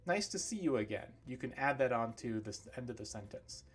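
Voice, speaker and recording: A man teaching English pronunciation on a livestream, demonstrating sounds slowly and clearly. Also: mid-range voice, lively intonation. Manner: slow, clear over-articulated demonstrations.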